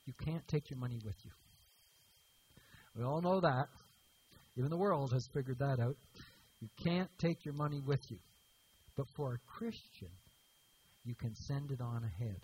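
A man's voice: medium pitch, animated, normal speed, pauses often, darkish tone, slight background noise, poor audio. A man preaching a sermon as pastor, emphatic and repeating key words for stress.

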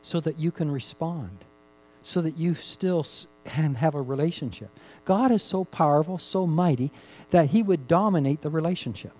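A male pastor delivers a sermon in a warm, mellow voice that sits a little high for a man. He climbs to loud, emphatic peaks, then drops to a hushed, slowed delivery, repeating key phrases to drive them home. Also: expressive, faint music behind, poor audio.

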